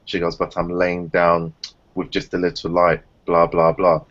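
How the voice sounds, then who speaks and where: A man chatting casually on a group video call, telling stories and acting out other people's voices. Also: unhurried. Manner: animated storyteller, acts out others in high voices. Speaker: round table panelist. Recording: dull lo-fi call audio.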